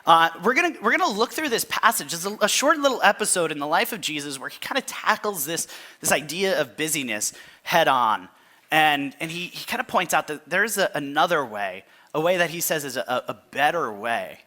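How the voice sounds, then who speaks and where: A man preaching a sermon in a relaxed, conversational way, often restarting phrases and asking listeners to underline and circle words in the passage. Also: on the high side. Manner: conversational, halting restarts, asks listeners to mark the text. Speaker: pastor.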